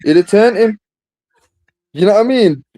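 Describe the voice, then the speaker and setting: A man's voice: sits high, animated, moderate pace, mellow, dry recording. A man in a casual football debate, emphatic and argumentative, tossing in "bro" often. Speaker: football podcast host.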